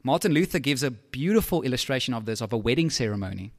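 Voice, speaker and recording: A man preaching a sermon in a lively, conversational way, with asides to his listeners. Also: mid-range voice, quick pace.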